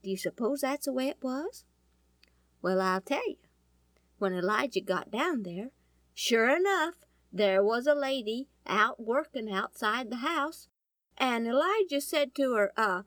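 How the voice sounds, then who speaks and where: A woman telling a Bible story in a folksy, animated way, often asking her listeners questions. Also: a little high, measured pace, dry recording. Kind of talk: storytelling to an audience.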